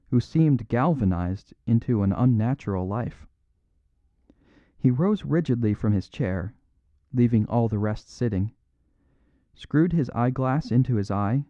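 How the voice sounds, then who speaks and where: A male narrator reads a classic detective story in a measured, even style. His voice sits on the low side. The studio sound is dry and slightly dull. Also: no echo. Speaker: audiobook narrator. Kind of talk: scripted narration of a classic mystery.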